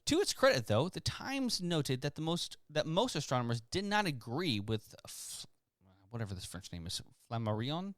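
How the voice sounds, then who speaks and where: A man's voice: a little high, very animated, moderate pace, a bit bright, no room sound. A man co-hosting a podcast who reads history articles aloud in casual chat and stumbles over long words. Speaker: podcast co-host.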